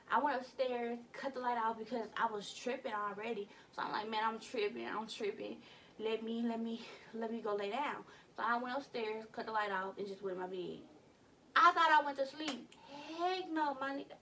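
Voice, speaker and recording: A woman's voice: a little high, recorded from a distance, slight background noise. A young woman telling a story in casual vlog style, acting out her own lines. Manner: animated, acts out her own lines in quotes. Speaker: vlogger.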